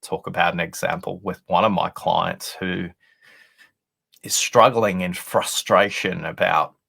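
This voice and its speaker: A man's voice: low-pitched, steady tone, a little slow, creaky, bright, forceful tone, slightly rough. A man, an author and guest on a leadership show, telling a story in an earnest, explanatory way over a video call. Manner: earnest, explanatory, acts out quoted dialogue. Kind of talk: conversational storytelling.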